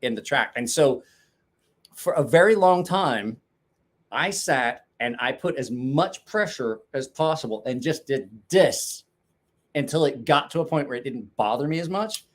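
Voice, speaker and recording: A man's voice: mid-range voice, lively intonation, a little slow. A man in his forties hosting a casual knife-sharpening chat show from his garage, rambling, swearing and laughing often. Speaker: knife sharpening podcast host. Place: home garage.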